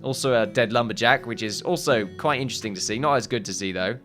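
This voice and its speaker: A man giving casual gameplay commentary, thinking aloud in a muttering way with sudden loud outbursts. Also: mid-range voice, quick pace, soft background music. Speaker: gaming video host.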